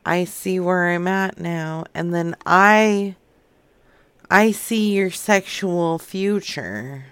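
A brash, tipsy woman caller, as a man puts her on for a prank call, drawling slowly. Her speech is crude and unhurried, and the tone stays smooth and clear. The sound is dry and close to the mic. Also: high voice, a bit bright, dry recording, full character voice. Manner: slow, drawling, lewd come-ons.

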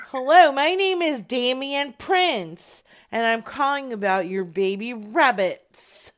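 A woman's voice: a little high, expressive, slow. A woman playing a pushy, impatient caller asking a seller about rabbits.

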